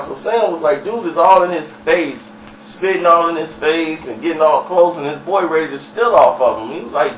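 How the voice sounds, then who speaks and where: A man rambles through a story in loose, slangy talk. His voice sits a little high. The sound is roomy and distant, with faint ambience behind it. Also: normal speed, few pauses, fairly bright tone, a little hiss or hum. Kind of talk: casual storytelling.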